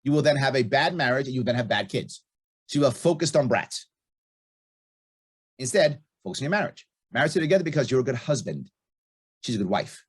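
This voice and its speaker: A man's voice: medium pitch, animated, a little fast, pauses often, slightly rough. A middle-aged man speaking as a guest in a casual podcast interview, blunt and emphatic, repeating his key points. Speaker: podcast guest, libertarian candidate.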